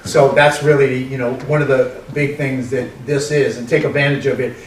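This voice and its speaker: A man's voice: medium pitch, little pitch movement, normal speed, a little hiss or hum. Bronx-accented man speaking in an echoey room. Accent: New York (Bronx). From the Bronx, New York. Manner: rambling, folksy, many fillers and restarts. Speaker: film producer leading a workshop. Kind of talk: informal workshop talk. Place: large room with a live audience. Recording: echoey room, mic from far off.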